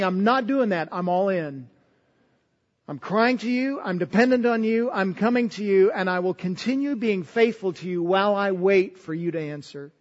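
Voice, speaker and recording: A man preaching a sermon in an earnest way, often repeating words as he goes. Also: extremely high pitch. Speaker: pastor. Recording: dull sound with long hall reverb.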